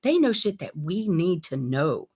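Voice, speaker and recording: A woman's voice: lowish voice, sing-song, a little slow, darkish tone, husky. A middle-aged woman, chatting casually and bluntly from her home kitchen as she reads viewer comments, swearing freely. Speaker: livestream host. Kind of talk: casual chat while cooking.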